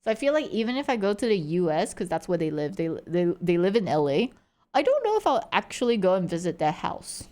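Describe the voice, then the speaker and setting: A woman's voice: on the low side, big pitch swings, a little fast, warm tone. Giggly young woman chatting on stream. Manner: chatty, giggly, full of "like" fillers. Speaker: livestreamer. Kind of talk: casual stream chat.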